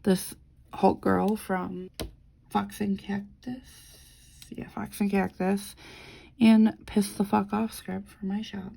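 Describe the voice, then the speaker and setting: A woman's voice: medium pitch, level tone, slow pace, vocal fry, warm tone, slight background noise, rough recording. A woman vlogger chatting casually as she decorates her planner, rambling through a story with lots of fillers and the odd swear.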